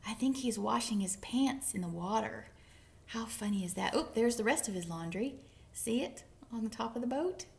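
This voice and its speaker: A woman librarian reading picture books aloud for story time, playful and animated with whispered asides. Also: a little high, moderate pace, gravelly. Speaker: children's librarian.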